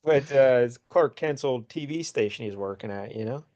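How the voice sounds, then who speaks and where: A man co-hosting a casual comic book podcast, rambling through the story with laughs and quick character voices. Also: medium pitch, a little mellow, muffled recording. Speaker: podcast co-host.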